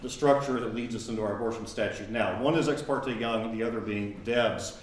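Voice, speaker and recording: A man's voice: fairly low pitch, brisk, roomy sound. A man in his fifties giving a conversational law school lecture, telling stories between points. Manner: conversational storytelling, animated. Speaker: guest lecturer. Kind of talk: classroom lecture with anecdotes.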